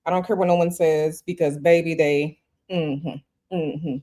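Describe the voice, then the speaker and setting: A woman's voice: sits low, steady tone, unhurried, warm tone. A woman hosting a tarot livestream from a hotel room, talking casually and chattily to her viewers and repeating herself often. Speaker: tarot reader and livestream host.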